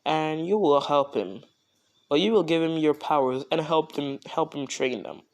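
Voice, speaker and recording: A man voicing a male god who explains things calmly and patiently. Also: on the high side, moderate pace, lightly acted. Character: male god, calm and in charge.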